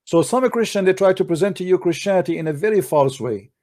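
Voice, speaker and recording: A fast-talking host with a high-pitched, somewhat mellow voice and lively intonation runs a polemical commentary. He has an Arabic accent and scolds his critics combatively in broken, non-native English.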